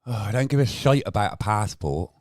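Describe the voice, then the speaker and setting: A man's voice: on the low side, lively intonation, brisk, no echo. Blunt argumentative man, dry mic. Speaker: livestream host. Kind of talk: casual livestream chat reacting to viewers.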